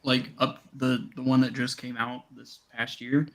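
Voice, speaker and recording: A man's voice: medium pitch, level tone, a little slow. A man co-hosting a live stream, chatting casually and bluntly, swearing freely. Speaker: co-host. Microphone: desk mic on a video call.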